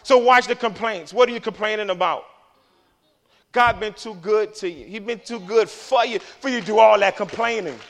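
A man preaching a passionate sermon, swinging from low murmurs to loud emphatic declarations. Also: moderate pace, gravelly.

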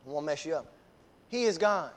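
A man preaching a sermon, moving from quiet teaching into shouted, fervent delivery while calling out to his congregation. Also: a little high, expressive, fairly quick.

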